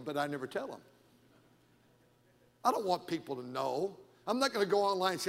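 A middle-aged man preaching a sermon as pastor, animated and emphatic with frequent repetitions, in a church sanctuary. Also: high-pitched, fairly quick. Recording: long hall reverb.

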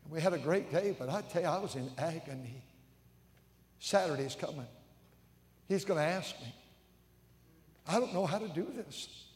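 Older american preacher telling a story, stammers a bit, big echoey church. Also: male voice, on the high side, lively intonation, moderate pace, pauses often. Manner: storytelling, stammering repeats, acts out quoted voices. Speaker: pastor. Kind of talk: sermon. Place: large church sanctuary. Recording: echoey church hall reverb.

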